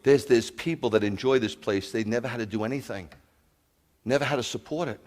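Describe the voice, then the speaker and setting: Guy preaching a sermon, lively and chatty, tells stories, asks the room questions. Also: medium pitch, fairly quick. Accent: New York. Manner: animated, storytelling, asks the crowd questions. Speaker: pastor. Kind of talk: sermon to a congregation.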